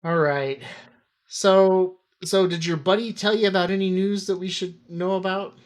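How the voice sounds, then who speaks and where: Teasing deadpan woman co-host. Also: fairly low pitch, normal speed. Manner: teasing, interrupts with deadpan jokes. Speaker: podcast co-host. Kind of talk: casual chat.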